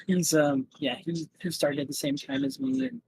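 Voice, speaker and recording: A man's voice: a little high, very animated, normal speed, creaky, crowd noise, rough recording. A man playing a tabletop game who asks questions and pleads in a hesitant way. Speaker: player. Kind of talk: tabletop play.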